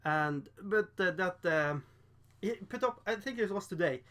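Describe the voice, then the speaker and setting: A man's voice: sits high, expressive, a little slow, a bit bright. A man casually chatting on a painting livestream, rambling, laughing often and reading the chat aloud. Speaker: streamer painting miniatures.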